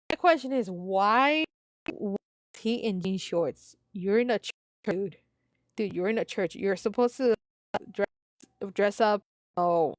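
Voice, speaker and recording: A woman's voice: on the high side, dry recording, studio quality. A woman reading a story aloud and rambling into side comments, with many restarts and the odd Spanish exclamation. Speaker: story reader.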